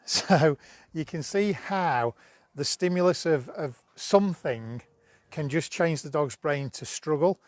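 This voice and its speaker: A man's voice: a little high, expressive, takes it slowly, dry recording. A man giving a dog-training demo on a live stream, chatty and coaxing, with bursts of praise for his dog.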